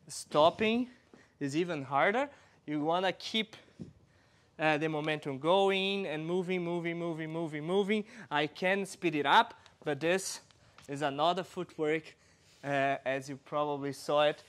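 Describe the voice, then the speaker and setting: A man's voice: fairly high pitch, fairly bright tone. A man from Brazil, a dance teacher explaining moves step by step while demonstrating. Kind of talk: instructional dance lesson.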